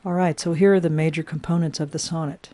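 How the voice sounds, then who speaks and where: A woman's voice: sits low, steady tone, fast talker, dark tone, no echo. A woman teacher explaining sonnet form step by step in a recorded lesson, with frequent "uh" fillers.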